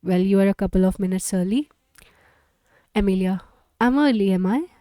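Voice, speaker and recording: A woman's voice: medium pitch, moderate pace, mellow, no room sound, lightly acted. A woman reading the part of an anxious, suspicious mother who argues with her teenage daughter, defensive and accusing. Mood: flustered apologetic.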